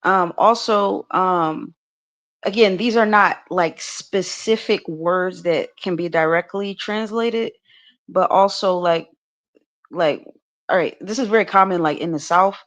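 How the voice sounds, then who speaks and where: A woman's voice: on the low side, a little slow, fairly bright tone. Chatty American woman with lots of fillers. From United States. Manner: talkative, many restarts and "like" fillers, laughs often. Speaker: podcast co-host. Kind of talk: casual podcast chat.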